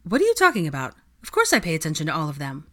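A woman's voice: low voice, wildly swooping pitch, pushed and bright, full character voice. A woman voicing a clever young female student who gets defensive and flustered. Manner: defensive, quick protesting.

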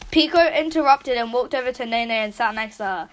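A woman's voice: on the high side, a little fast, slight background noise. Giggly British young woman reading aloud. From Britain. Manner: giggly, reads aloud with asides and swearing. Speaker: reader of a fan story. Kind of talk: casual reaction reading.

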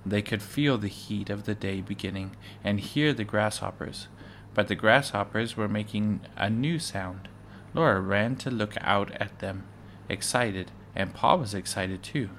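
A man reading a children's book aloud, measured and with occasional stumbles. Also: lowish voice, a bit bright, a little hiss or hum. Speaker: reader.

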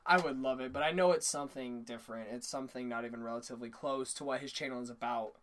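A man's voice: mid-range voice, steady tone, fast, a bit bright. A young man in casual conversation, swearing often, laughing and breaking into impressions. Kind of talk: casual chat.

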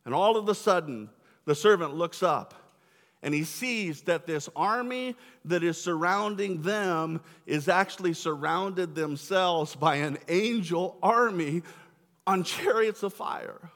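A man's voice: high-pitched, animated, a little slow, sharp tone. A young man preaching a sermon as pastor, enthusiastic and casual with slangy asides. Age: young adult. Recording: echoey hall.

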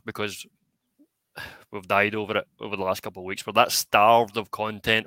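A Scottish man co-hosting a podcast in a casual chat, measured and wry. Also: low voice, bright, forceful tone, no room sound. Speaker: podcast co-host.

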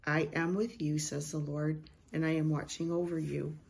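A middle-aged woman, a Christian prophetic speaker, slowly and reverently reading a prophetic word and sharing a vision. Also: sits low, little pitch movement, gravelly, a little mellow, a little hiss or hum.

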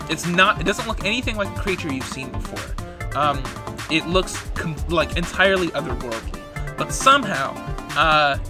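A man serving as game master, narrating a tabletop role-playing scene in a halting way, with many ums and likes. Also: a little high. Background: background music.

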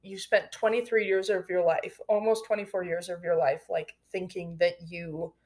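A woman's voice: fairly low pitch, flat delivery, normal speed, a little mellow. Direct young woman co-hosting a podcast. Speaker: podcast co-host. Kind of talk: casual podcast chat.

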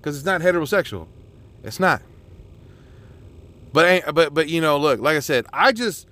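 Man, podcast host, casual solo monologue, swears constantly, rambles with lots of restarts, voice sits a bit high. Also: bright, forceful tone. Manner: rambling and profane, with many restarts and filler words.

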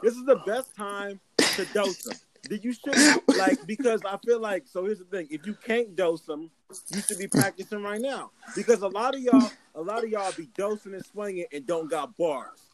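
High-voiced man riffing on a podcast. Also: normal speed, low-quality recording. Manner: rambling, argues a point with restarts and slang. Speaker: podcast co-host. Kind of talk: casual banter.

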